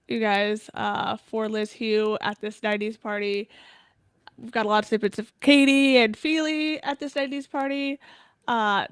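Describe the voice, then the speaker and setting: Female co-host, bright higher voice, dry close sound, relaxed banter on a video call. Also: clean tone, no room sound. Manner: easygoing, agreeable, short backchannel replies. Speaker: podcast co-host. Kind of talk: casual book discussion on a live stream.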